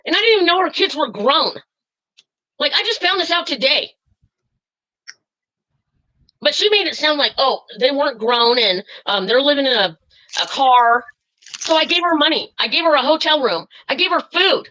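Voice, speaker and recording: High, bright-voiced woman ranting angrily. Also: lively intonation, a little fast, rough recording. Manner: furious, swearing, rambling with many fillers. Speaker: caller. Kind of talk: angry live-stream call.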